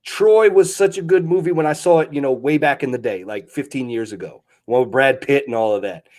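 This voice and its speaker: A man's voice: medium pitch, fairly quick, darkish tone. A man co-hosting a comedy podcast, laughing often and talking in a loose, self-mocking way. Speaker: podcast co-host. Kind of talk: casual comedic chat.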